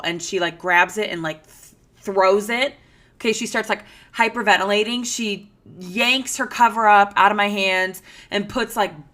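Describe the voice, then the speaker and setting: Bright-voiced chatty woman host. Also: mid-range voice. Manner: animated, chatty, frequent "like" fillers. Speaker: podcast host. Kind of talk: casual storytelling monologue.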